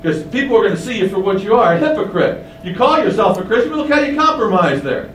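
A man's voice: sits high, big pitch swings, fast, fairly bright tone. A man preaching a sermon, emphatic, with many rhetorical questions, in a windowless room. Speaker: pastor. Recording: roomy, distant mic, faint hum.

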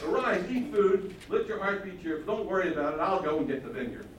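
A scornful, domineering queen with a shrill, mocking falsetto that jumps high above a man's pitch, as a preacher puts her on. It is caught from afar in a big echoey hall. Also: lively intonation, fast, recorded from a distance, slight background noise. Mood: incredulous.

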